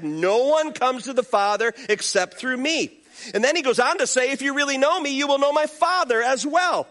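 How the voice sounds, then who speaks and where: A male pastor preaching a sermon, calling on the congregation to respond and acting out little voices as he goes. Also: high-pitched. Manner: animated preaching with call-and-response and acted-out voices.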